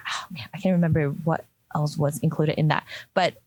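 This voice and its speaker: A woman's voice: low-pitched, steady tone, brisk, darkish tone, breathy edge, no room sound. A woman, a product designer, talking casually in a discussion, with lots of fillers and restarts. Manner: chatty, many fillers and restarts.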